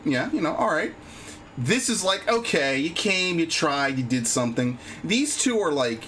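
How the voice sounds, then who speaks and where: Male streamer, frustrated and profane, slightly high, lively pitch. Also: slight background noise. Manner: frustrated, swears a lot. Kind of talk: casual live-stream chat while gaming.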